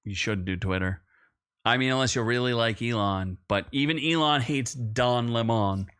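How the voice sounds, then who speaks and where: A young man co-hosting a movie podcast, talking loosely and rambling. He often stops and restarts sentences, and gets more animated when a point excites him. His voice sits at an ordinary middle pitch. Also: moderate pace, clean tone. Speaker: podcast co-host. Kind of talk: casual movie review chat.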